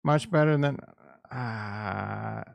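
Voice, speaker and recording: A man's voice: on the low side, very slow, vocal fry, dry recording, lo-fi sound. A middle-aged man hosting a livestream, chatting in a blunt, rambling, crude way. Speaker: livestream host. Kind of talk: casual livestream chat.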